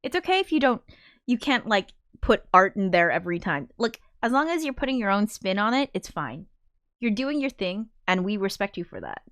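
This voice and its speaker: Woman streamer, mid pitch, rambling and heartfelt, salty language, dry close sound. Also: sing-song, fairly quick, a bit bright, no echo. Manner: rambling and emotional, with many fillers and frequent swearing. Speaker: livestreamer and film composer. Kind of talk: casual livestream chat, reading viewer comments.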